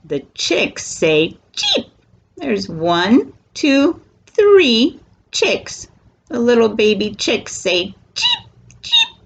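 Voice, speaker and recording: Very slow, sing-song woman storyteller. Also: fairly high pitch, vocal fry. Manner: slow, sing-song and animated for small children. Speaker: children's storyteller. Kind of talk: reading a picture book aloud to toddlers.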